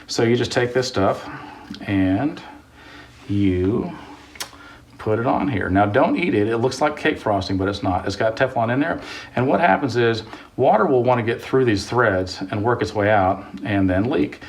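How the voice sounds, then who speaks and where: A man's voice: mid-range voice, expressive, normal speed. A man hosting a casual do-it-yourself vlog, telling stories in a chatty, rambling, joking way. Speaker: host, contractor. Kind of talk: casual DIY vlog with storytelling. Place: house under renovation. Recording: roomy sound from off-mic.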